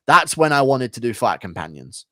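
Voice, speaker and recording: A man's voice: mid-range voice, very animated, normal speed, sharp tone, no room sound, clean studio sound. A man talking bluntly and swearing freely in a casual live-stream chat, answering viewers.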